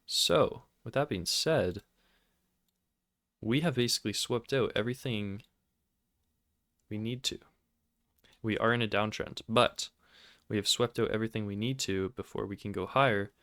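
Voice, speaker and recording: A man hosting a trading video talks casually over his screen, excitable, sarcastic and quick to poke fun at himself. His smooth, somewhat low voice is recorded close to the mic, sounding dry and deadened with no echo.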